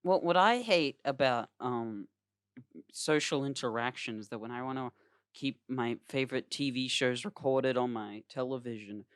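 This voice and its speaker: A man's voice: medium pitch, moderate pace, clear, resonant tone, dry recording. A young man hosting a podcast, chatting casually, laughing and rambling over voice chat from home. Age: young adult. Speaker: podcast host. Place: home, remote call. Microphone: computer mic over voice chat.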